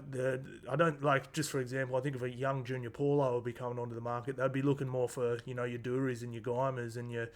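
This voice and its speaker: A man, rambling casually through a rugby league round recap with lots of fillers and asides. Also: medium pitch. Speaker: sports tipping vlogger.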